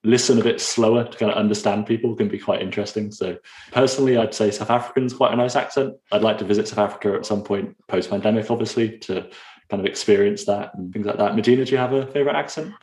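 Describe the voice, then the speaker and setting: A British man co-hosts a casual interview, friendly and full of fillers. He talks quickly in a lowish voice, and the room around him is noticeably echoey. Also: darkish tone. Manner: friendly, filler-heavy with "you know" and "kind of". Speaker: podcast co-host.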